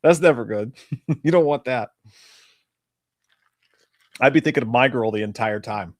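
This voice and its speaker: A podcast co-host in his thirties rambles through stories and swears freely on a casual live-stream chat show. His mid-range voice moves at a measured pace, recorded at studio quality with no room sound.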